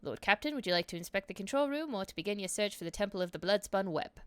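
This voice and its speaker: A woman's voice: medium pitch, expressive, quick pace, fairly bright tone, clean tone, no echo, natural voice. A woman voicing a stern male enforcer captain, officious and scornful, reading game dialogue aloud in stiff formal speech.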